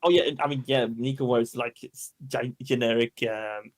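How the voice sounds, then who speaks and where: A tabletop game player who speaks stubbornly, with halting restarts in character. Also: medium pitch, steady tone.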